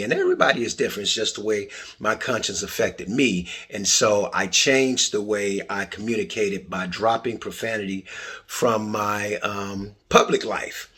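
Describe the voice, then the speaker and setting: A man's voice: on the low side, normal speed, slightly rough. A middle-aged man hosting his own podcast, talking casually in a playful, joking way. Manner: playful, jokey and expressive. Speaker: podcast host. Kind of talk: casual monologue.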